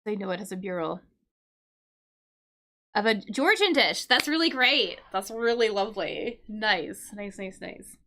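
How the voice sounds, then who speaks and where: A woman's voice: mid-range voice, animated, measured pace, sharp tone, slight background noise. A woman teaching English vocabulary on a live stream, explaining words patiently, checking in with "right?" and answering her chat.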